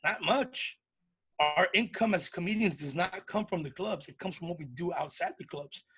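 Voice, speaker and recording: A male comedian guest telling animated stories in a casual interview and acting out the voices of people in his anecdotes. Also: high-pitched, a little fast.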